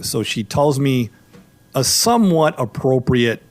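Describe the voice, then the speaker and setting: A middle-aged man hosting a radio talk show, telling a story with a lively, swinging pitch. He talks in loose, animated banter and climbs into exclamations. His voice sits in a middle register. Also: moderate pace. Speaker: law show host.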